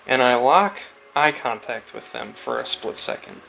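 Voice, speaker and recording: An unhurried woodcarver vlogger with a mid-range voice that is expressive, creaky, pushed and bright chats casually and reflectively as he carves. He rambles through a story, playing out small conversations. A faint hiss or hum sits in the audio.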